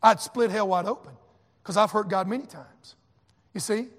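A man's voice: sits high, normal speed, in a large hall. A man preaching a sermon as pastor, with emphatic repetition and acted quotes.

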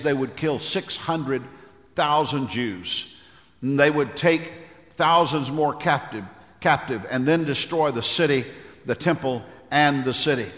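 A man's voice: mid-range voice, a bit bright. A male pastor preaching a sermon in a church, building his points through emphatic repeated phrases and calling on the congregation for amens. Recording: long hall reverb.

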